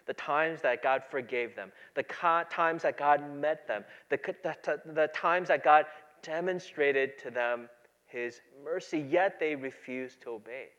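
A pastor preaching a sermon, moving between quiet, low asides and loud, emphatic passages. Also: male voice, muffled recording.

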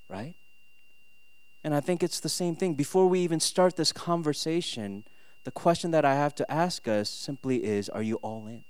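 A man from Minnesota, a pastor in his thirties, giving a sermon with animated storytelling and rhetorical questions. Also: on the high side, clean tone, no room sound.

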